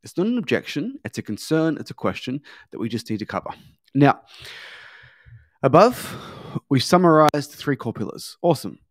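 A man's voice: a little high, very animated, moderate pace, no echo, studio quality. A man teaching a sales training lesson, coaching in a repetitive, emphatic way and acting out bits of sales dialogue. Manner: coaching, repeats key points, acts out sales dialogue.

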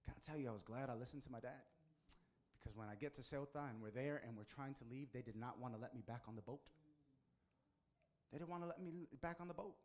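An American pastor preaches a sermon as a story, raising his voice higher and louder whenever he wants emphasis.

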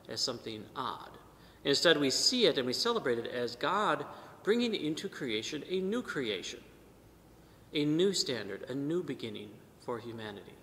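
A man preaching a sermon at Mass as a priest, measured, with emphatic rises and soft trailing endings. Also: medium pitch, a little hiss or hum. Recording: long church reverb.

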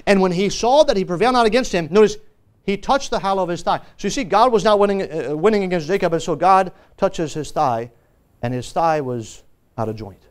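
A man with a very high-pitched voice delivers a sermon from the pulpit. He preaches emphatically, pressing hard on key words and then dropping suddenly into a hush. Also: animated, a little fast, clean tone. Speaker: pastor. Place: church service.

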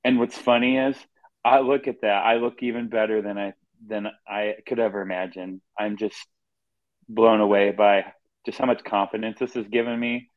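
Heartfelt low-voiced man, dull dry audio. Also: little pitch movement, moderate pace, no room sound. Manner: heartfelt, emotional. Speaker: guest. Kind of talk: candid personal talk.

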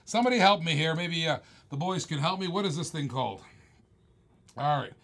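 A man's voice: on the high side, animated, a little fast, a bit bright. A man hosting a live online auction, chanting bids in a hyped, repetitive patter and calling viewers baby. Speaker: live stream auction host.

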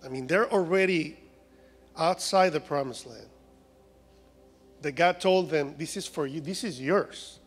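A man's voice: on the high side, a little slow, pauses often, husky, big-room sound. A man from Mexico with a Mexican Spanish accent, preaching a humorous sermon in a church. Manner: humorous, acts out voices of complaining people. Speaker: guest preacher. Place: church sanctuary.

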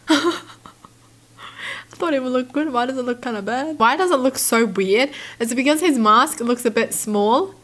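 A young woman from Australia reading tweets aloud and reacting in a giggly, animated way. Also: high voice, moderate pace. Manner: giggly, animated, squeals in disbelief. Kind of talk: casual reaction commentary.

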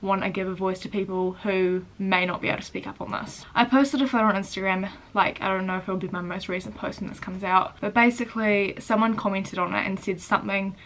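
A teenage girl vlogging casually, chatty and quick, turning earnest and close to tears as she speaks her mind. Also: mid-range voice, steady tone, a bit bright. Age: teens. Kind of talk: casual day-in-the-life vlog and rant.

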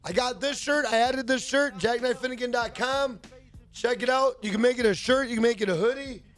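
Live-streaming a game, a male gaming streamer chats in a rambling, profane, jokey way and reads his viewers' messages out loud. His very high, fairly bright voice moves fairly quickly over soft background music.

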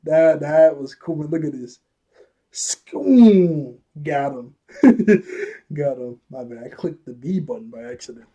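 A man's voice: mid-range voice, moderate pace, dark tone, slightly rough. A man casually recapping an anime episode, chuckling often and a bit out of breath, with a loose, apologetic way of talking. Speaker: anime reviewer.

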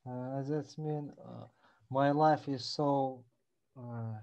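Man student, slow halting speech, dull lo-fi recording. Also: mid-range voice, steady tone, creaky, a little mellow. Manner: halting, searching for words.

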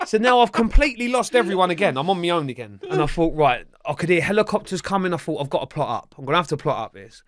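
A man spins a rowdy true story in a podcast interview, swearing constantly and mimicking the people in it. His voice sits a little high for a man. The recording is close and dry, with no room sound. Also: fast talker, few pauses, no echo. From England. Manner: animated, swears freely, acts out the voices of others. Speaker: interview guest.

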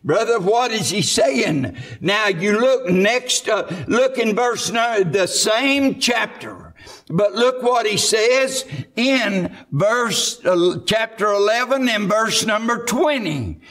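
Man, Southern accent, church sermon, high voice, slow, drawn-out delivery, lots of "uh". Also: animated, fairly bright tone. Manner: fervent preaching with frequent "uh" fillers. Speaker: preacher. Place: church sanctuary.

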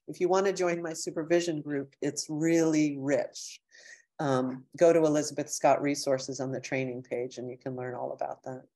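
A woman's voice: low-pitched, mellow. A middle-aged woman lecturer on a video call, reading audience comments aloud and answering them in a heartfelt, emotional way. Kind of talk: warm closing of an online lecture, reading chat comments.

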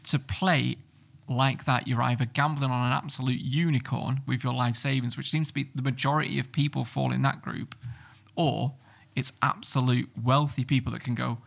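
A middle-aged man with a gravelly, fry-edged voice. He speaks bluntly and swears freely, telling stories in an animated way as a podcast guest. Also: mid-range voice, normal speed. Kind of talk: casual podcast chat.

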